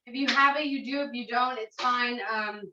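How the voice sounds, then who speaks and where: A woman's voice: a little high, steady tone, moderate pace, background noise. A woman executive chef giving a chatty, step-by-step cooking demonstration in a kitchen. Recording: roomy, slightly dull sound.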